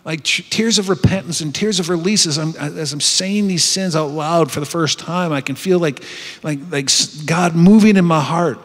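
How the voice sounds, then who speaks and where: This retreat speaker's voice is on the high side and a bit bright, moving at a moderate pace as he earnestly recounts his own story with many restarts. It's a heartfelt testimony captured in a conference hall with long hall reverb.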